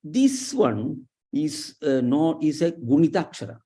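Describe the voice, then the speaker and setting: A man teaching Sanskrit pronunciation, drawing syllables out slowly with many pauses and fillers. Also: on the high side, very animated, warm tone, slightly rough. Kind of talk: explaining slowly, letter by letter.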